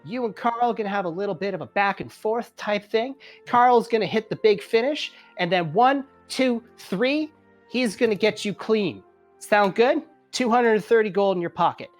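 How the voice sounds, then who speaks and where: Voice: mid-range voice, normal speed, faint music behind, lightly acted. A game master voicing a chummy male wrestling promoter who talks in salesman patter. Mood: hustling. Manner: chummy salesman patter, calls people friend. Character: folksy male wrestling promoter, fast-talking boss.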